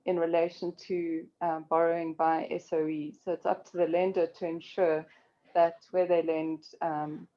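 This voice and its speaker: A woman presenting a legal webinar, explaining carefully in a measured way with frequent pauses and "um"s. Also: fairly low pitch, little pitch movement, muffled recording. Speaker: corporate law expert presenting.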